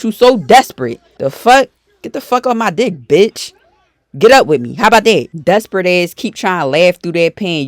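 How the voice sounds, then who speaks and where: A woman's voice: mid-range voice, dry recording. Profane heated woman ranting to camera. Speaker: YouTuber. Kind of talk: storytime rant to camera.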